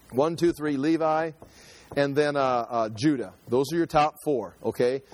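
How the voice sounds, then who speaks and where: A man's voice: fairly high pitch, darkish tone. A man teaching the Bible verse by verse in a conversational way, reading passages and then explaining them, often restarting his sentences. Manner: conversational, reads scripture then explains it in his own words; frequent restarts and repeated words.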